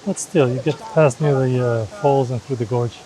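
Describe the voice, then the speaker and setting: A man's voice: mid-range voice, fairly even intonation, moderate pace, a crowd in the background, rough recording. A man vlogging while walking through a river gorge, explaining the sights to a handheld camera in a casual, chatty way. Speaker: travel vlogger. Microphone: handheld camera held aloft.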